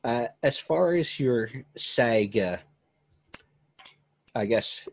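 A man hosting a podcast interview, asking halting questions full of fillers. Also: mid-range voice, expressive, creaky, husky. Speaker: podcast host. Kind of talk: casual interview.

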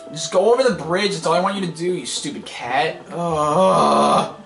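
A man's voice: fairly high pitch, very animated, moderate pace, fairly bright tone. A man giving casual, rambling gameplay commentary as a let's play host, impatient and wisecracking. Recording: echoey room, game music behind.

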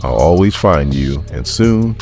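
A man's voice: rumbling low, expressive, a little slow, vocal fry, darkish tone, soft background music, heavily acted. A man retelling a taunting green monster. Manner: taunting, threatening. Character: menacing giant green monster, male.

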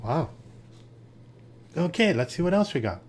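A man reading fables aloud in a lively storytelling manner. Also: a little high, unhurried.

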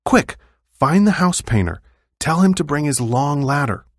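A man's voice: a little high, big pitch swings, unhurried, no echo, studio quality, pitched above the performer's own voice, exaggerated voice. A man voicing a worried village mother in a children's storybook, giving urgent orders. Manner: urgent, commanding.

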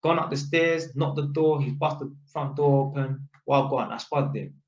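A man's voice: medium pitch, moderate pace. A young man with a London accent telling a casual story about his work, in street slang with constant tag questions. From Britain. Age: young adult. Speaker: vlogger. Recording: roomy, slightly dull sound.

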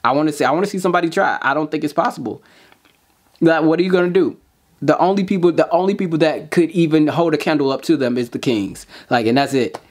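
Excitable man reacting. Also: fairly high pitch, fast. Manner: exclamatory, slangy, stumbles over restarts. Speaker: reaction video host.

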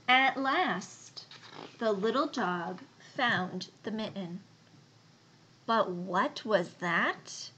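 Slow, gentle woman reading a storybook. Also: medium pitch, slight background noise. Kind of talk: storybook read-aloud.

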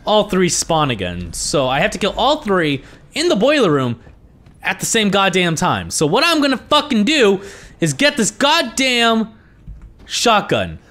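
A man giving let's play commentary as a gaming host, frustrated, swearing constantly and yelling at the game. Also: sits high, wildly swooping pitch, measured pace. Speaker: gaming YouTuber.

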